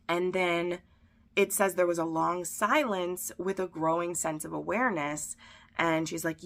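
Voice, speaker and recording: A woman with a low-set, bright voice full of gravelly fry talks through a book-versus-show recap. She chats casually and reads passages aloud, giving the characters' lines a light touch. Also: steady tone, unhurried. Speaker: book reviewer.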